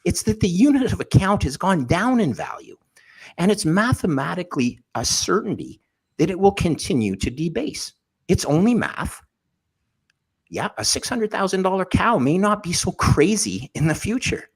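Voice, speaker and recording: A man, a podcast guest, telling jokey anecdotes in a lively panel discussion, with a husky voice. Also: high-pitched, moderate pace. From Canada. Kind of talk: animated storytelling in a panel discussion.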